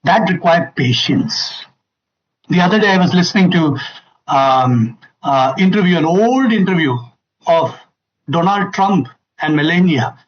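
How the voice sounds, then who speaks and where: A man's voice: fairly high pitch, animated, measured pace, lo-fi sound. A man giving an emphatic public talk to an audience, repeating key phrases and acting out quoted lines. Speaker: family seminar speaker.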